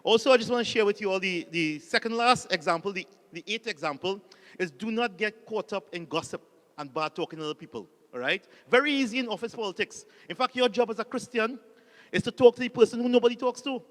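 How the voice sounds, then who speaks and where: High-voiced Trinidadian priest, jokey. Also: male voice, quick pace, fairly bright tone, long reverb tail. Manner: jokey storyteller, calls on the audience to repeat lines. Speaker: Catholic priest and speaker. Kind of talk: humorous motivational talk.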